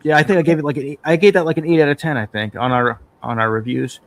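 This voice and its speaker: A man guesting on a podcast, chatting casually in a loose, fast manner and swearing freely. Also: on the high side, fairly even intonation. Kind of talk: casual chat.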